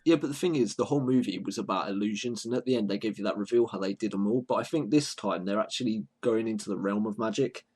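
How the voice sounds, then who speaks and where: A British man co-hosting a podcast, talking in a brisk, eager way and steering the conversation along. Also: fairly low pitch, a little mellow, slightly rough. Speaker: podcast co-host. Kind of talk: casual podcast chat.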